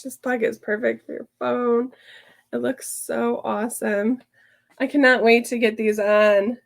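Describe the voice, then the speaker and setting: A woman with a cold and a gravelly voice, chatting casually through a sewing tutorial. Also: fairly high pitch, fairly even intonation, measured pace. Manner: chatty and upbeat, with fillers. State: sick, gravelly voice. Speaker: sewing instructor. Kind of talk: casual sew-along tutorial.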